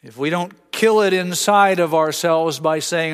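Male pastor, slightly high voice, long reverb, earnest storyteller. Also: measured pace, fairly bright tone, clear, resonant tone. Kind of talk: sermon.

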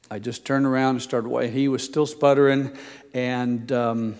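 In a clear, resonant, slightly mellow voice of medium pitch, an older man preaches at normal speed with fairly even intonation. The pastor recounts a personal story conversationally, laughing at himself, and the hall adds long reverb.

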